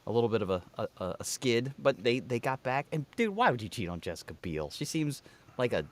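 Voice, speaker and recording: A man's voice: mid-range voice, big pitch swings, a little fast. A man co-hosting a podcast in loose, rambling, profane casual chat. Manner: loose, rambling, swears freely. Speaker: podcast co-host.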